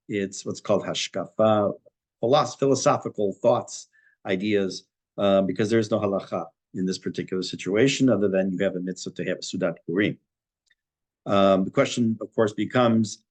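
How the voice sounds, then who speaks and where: A middle-aged man, a rabbi giving a Torah class, talking thoughtfully many pauses and restarts. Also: fairly low pitch.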